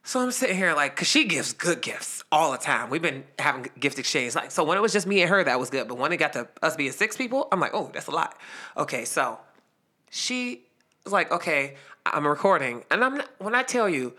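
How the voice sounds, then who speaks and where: Pitched low and talking a little fast, a woman in her twenties shares a story during a casual conversation. She laughs throughout and animatedly performs each quoted line as she goes.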